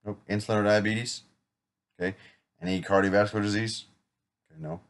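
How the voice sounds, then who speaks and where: A man's voice: fairly low pitch, fairly even intonation, a little fast. A man acting as an insurance agent in a practice sales role-play, talking casually with small jokes and self-corrections. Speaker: insurance agent rehearsing a client pitch.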